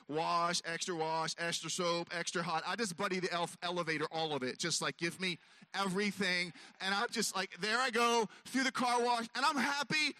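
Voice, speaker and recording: A man's voice: sits high, bright, forceful tone, no echo. A man telling a long self-mocking story on stage, acting out his own voice and others' as he goes. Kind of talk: stand-up storytelling.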